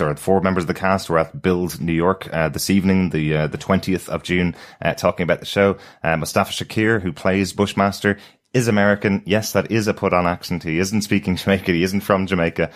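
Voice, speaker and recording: A man co-hosting a TV review podcast, explaining points with frequent uhs. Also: sits low. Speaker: podcast co-host. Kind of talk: casual podcast chat.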